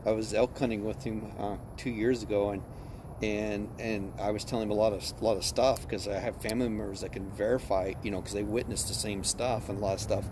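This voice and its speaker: A man's voice: fairly low pitch, little pitch movement, brisk. Chatty man on a noisy street. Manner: eager listener with frequent agreeing interjections, laughs while telling his story. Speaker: tour guest. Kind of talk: casual chat. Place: outdoors on a city street.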